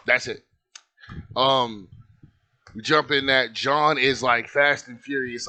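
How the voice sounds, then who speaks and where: Young man, bright-toned, casual storyteller who rambles and swears. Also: medium pitch, normal speed. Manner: rambling, lots of filler likes, swears freely.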